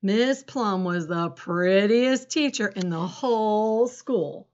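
A woman reading a children's storybook aloud in an expressive way. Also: mid-range voice, slow pace. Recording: dull lo-fi recording.

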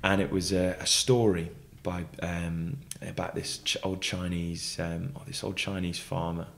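A man's voice: low-pitched, a little slow, vocal fry. A man, a podcast guest telling a story with lots of laughter and stumbles. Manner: animated storyteller, laughs often, repeats words. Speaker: actor and student pilot guest. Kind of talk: casual anecdote-telling.

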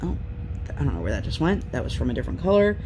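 A woman in her thirties talks fast in a low voice, rambling through her week as she crafts at home. She is a chatty craft vlogger with lively storytelling, and a faint hiss or hum sits under the audio.

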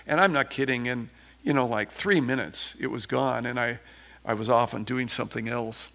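Man with a gravelly voice giving a loose chatty sermon, rambly, lots of restarts. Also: mid-range voice, normal speed. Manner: conversational, rambling with restarts, soft then fervent. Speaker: preacher. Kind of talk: informal sermon.

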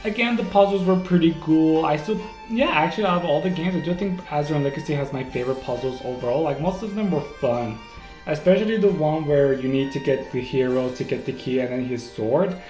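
Man, solo podcast host, excitable rambling chat, echoey room, faint music behind. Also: a little high, brisk. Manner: rambling, excitable, frequent self-corrections. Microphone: home microphone, may clip.

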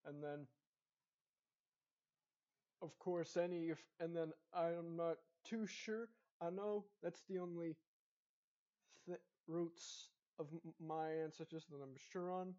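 A young man from Dallas talks in a loose, rambling way, with a Texan accent, a fairly high voice and plenty of ums and restarts. The recording sounds dull and lo-fi. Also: slow pace, pauses often, dark tone. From Dallas, Texas. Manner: rambling, chatty, frequent fillers and restarts. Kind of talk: casual accent tag vlog.

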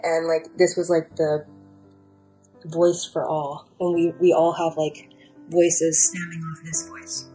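Rambling young woman with a mellow voice. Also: low voice, monotone, takes it slowly, faint music behind, rough recording. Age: young adult. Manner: rambling, full of fillers and restarts. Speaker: storyteller sharing a near-death experience. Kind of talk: casual first-person testimony. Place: at home.

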